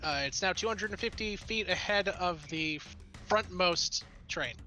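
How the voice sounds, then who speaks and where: A game master running a tabletop game, narrating the scene in an easygoing way with frequent pauses. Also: medium pitch, bright, forceful tone, faint music behind.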